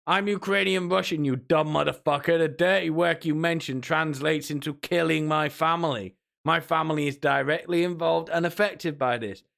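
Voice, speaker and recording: A man's voice: a little high, moderate pace, creaky, few pauses, fairly bright tone. A man ranting and mocking as a streamer, sweary and sarcastic, often putting on whiny voices.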